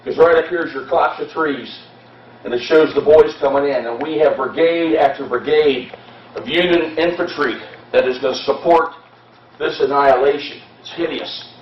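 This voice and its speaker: A man with a fairly high voice tells a battle story to an audience, passionate and dramatic, speeding up and slowing down as he goes. He is heard from a distance in an echoey hall. The recording sounds dull and lo-fi. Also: slight background noise. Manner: impassioned storytelling, shifting pace. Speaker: history presenter. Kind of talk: dramatic history talk to an audience. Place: hall at a historical society event.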